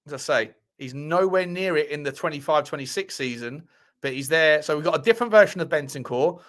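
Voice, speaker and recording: Bright-voiced man hosting football livestream. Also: fairly high pitch. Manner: chatty, swears casually, restarts and thinks aloud. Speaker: football channel host. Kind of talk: casual livestream football talk.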